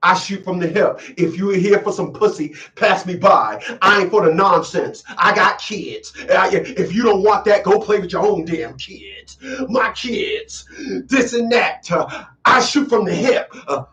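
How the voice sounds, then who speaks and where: A man voicing a brash, defiant woman who reads out her dating profile and shouts bits of it. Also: high voice, unhurried, distant mic. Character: brash tough-talking woman reading her dating bio.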